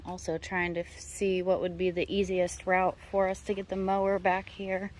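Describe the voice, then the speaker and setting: A woman's voice: fairly low pitch, monotone, normal speed, darkish tone, slight background noise. A woman talking casually outdoors and thinking aloud tentatively while checking over a property. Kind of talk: casual vlog talk.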